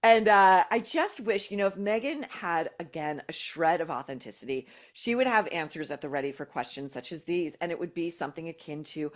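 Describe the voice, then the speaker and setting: A woman's voice: on the low side, animated, brisk, hardly any pauses. A woman guest commentator in a casual chat, speaking emphatically with scathing sarcasm.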